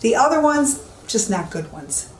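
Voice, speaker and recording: With a sing-song voice on the high side and a measured pace, a woman psychic medium comments while walking through an old, empty police station. She repeats herself emphatically. Echo and faint hiss color the recording.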